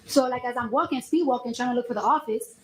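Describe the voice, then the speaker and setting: A woman testifying as a witness in a courtroom, telling her story in an animated way and acting out the dialogue. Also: on the high side, quick pace, background noise.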